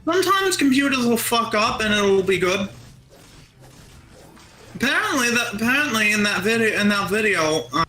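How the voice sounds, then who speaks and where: A woman co-hosts a gaming stream with a high, bright voice. She rambles playfully and repeats her own jokes. Her voice sounds roomy, with faint game music behind. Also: lively intonation, moderate pace, pauses often. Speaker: stream co-host. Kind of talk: casual gaming stream banter.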